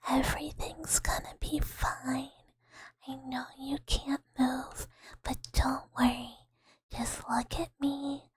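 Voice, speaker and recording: A woman voicing a gentle female sleep paralysis angel in whispered role-play, coaxing and reassuring over and over in a breathy whisper. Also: high voice, level tone, slow pace, dry recording, exaggerated voice. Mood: soothing.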